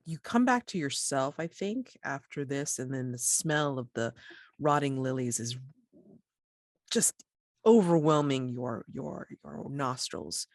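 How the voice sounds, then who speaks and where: A woman game master with a low voice narrates the scene at an unhurried pace. Her pitch rises and falls a lot as she describes, and the recording is dry and close. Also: animated, no echo. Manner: descriptive, slow and measured narration.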